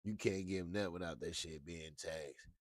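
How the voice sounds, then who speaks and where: A man hosting a casual talk show, ranting with lots of profanity and animated swings into high yelps. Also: moderate pace, no room sound, clean studio sound. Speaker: show host.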